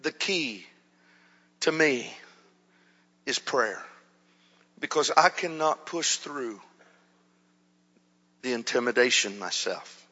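Animated preacher man in an echoey hall. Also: medium pitch. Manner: animated storytelling, swings from hushed to loud. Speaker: pastor. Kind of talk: storytelling sermon. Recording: muffled hall reverb.

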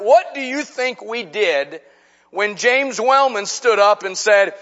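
A man's voice: high voice, expressive, a little slow, pushed and bright. A middle-aged male preacher from the Chicago area, telling stories and building to fervent exhortation in a sermon. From Chicago area, Illinois. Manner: storytelling, rising to fervent exhortation. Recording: dull lo-fi sound.

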